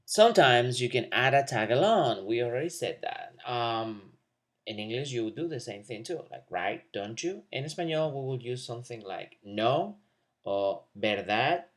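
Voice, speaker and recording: A man teaching a video language lesson, explaining question forms and slowly modeling example sentences for learners to repeat. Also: mid-range voice, expressive. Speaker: Spanish teacher.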